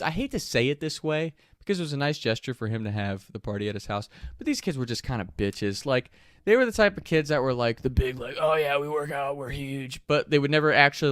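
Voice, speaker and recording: A man casually telling a story, animated and profane, often laughing as he talks. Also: medium pitch, no echo, studio quality.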